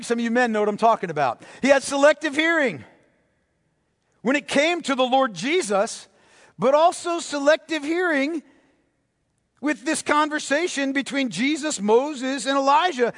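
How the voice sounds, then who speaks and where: High-voiced man preaching in an echoing hall. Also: lively intonation, normal speed. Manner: emphatic, repeats key phrases, swings between loud and hushed. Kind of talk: sermon. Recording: long reverb of a large hall.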